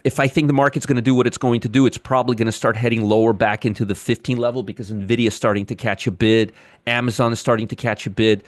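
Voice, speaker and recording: In a dry recording, a man with a medium-pitched voice hosts a daily market commentary. He casually walks through chart levels, repeating key points with emphasis in this relaxed trading analysis monologue.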